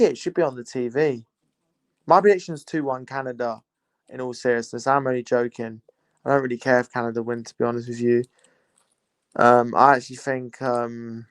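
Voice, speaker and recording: A man's voice: mid-range voice, smooth, no room sound. A young man, casually chatting and teasing his viewers while hosting a live football watchalong. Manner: chatty, teasing banter with chat. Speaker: livestream host.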